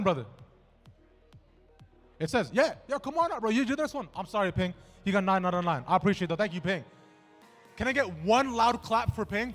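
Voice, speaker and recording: High-voiced man emceeing a live event. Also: fairly bright tone. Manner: casual, joking, slangy banter. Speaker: trivia game host at a gaming event. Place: large indoor event venue.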